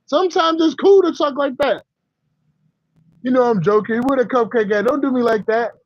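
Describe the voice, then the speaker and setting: High-voiced man, blunt slangy stream talk. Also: normal speed, no room sound, lo-fi sound. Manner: blunt, rambling, slangy, laughing asides. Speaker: livestream host. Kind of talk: casual livestream chat to viewers.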